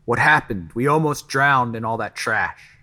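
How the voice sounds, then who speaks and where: Male narrator doing a brash streetwise guy who yells; audiobook reading. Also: medium pitch, lively intonation, unhurried. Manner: loud, shouting. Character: brash streetwise man, quick to yell.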